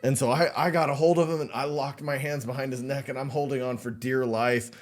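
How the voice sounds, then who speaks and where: A man co-hosting a casual podcast, telling a long story with lively asides and low, quiet voices for the people he quotes. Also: brisk. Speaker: podcast co-host.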